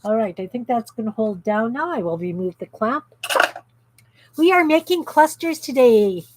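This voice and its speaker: A woman's voice: a little high, expressive, normal speed, noisy background. A woman hosting a craft livestream from her home craft room, chatting casually and reading out viewer comments as she works. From Canada. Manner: chatty, reads out viewer comments while working.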